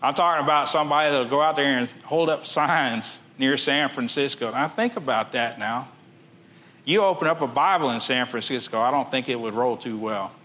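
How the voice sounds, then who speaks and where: Guy preaching a sermon, bright sharp voice, reads king james verses then breaks em down casual. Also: medium pitch. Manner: reads scripture in King James wording, then explains it in plain everyday talk.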